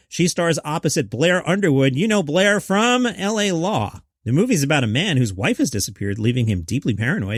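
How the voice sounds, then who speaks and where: A man's voice: fairly high pitch, no echo, clean studio sound. Joking male comedy-news host. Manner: jokey asides between read-out headlines. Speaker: podcast host.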